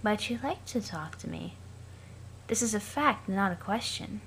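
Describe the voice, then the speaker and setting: A woman voicing a gloomy young troll girl in a dead, flat monotone, calm and cryptic. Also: mid-range voice, measured pace, creaky, slight background noise. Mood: detached.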